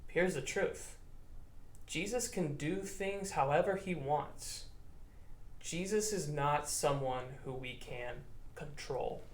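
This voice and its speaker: Playful pastor telling children a Bible story. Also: male voice, a little high, takes it slowly. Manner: animated, playful storyteller, voices the characters. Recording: roomy echo.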